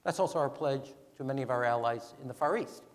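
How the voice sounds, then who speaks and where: A man in his sixties, a former ambassador, speaking onstage in an animated, emphatic way and counting off his points. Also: medium pitch, quick pace. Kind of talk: onstage conversation. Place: large event hall. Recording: long hall reverb.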